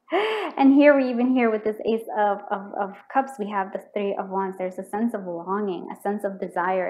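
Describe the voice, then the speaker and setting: A woman's voice: mid-range voice, slight background noise, rough recording. Chatty woman tarot reader, rambling. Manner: chatty and rambling, full of "like" and restarts; murmurs repeated questions while drawing cards. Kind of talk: pick-a-card tarot reading to camera.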